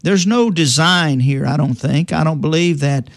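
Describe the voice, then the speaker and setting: A man's voice: a little high, moderate pace, dry recording. A middle-aged man explaining salvation in a conversational teaching style, often restarting sentences and quoting scripture in old-fashioned wording. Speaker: preacher.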